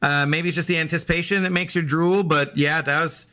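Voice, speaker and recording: A man's voice: fairly high pitch, steady tone, brisk, pushed and bright, clean tone. A man streaming video games, chatting playfully with his dog and his viewers. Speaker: game streamer. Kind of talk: casual live-stream chat.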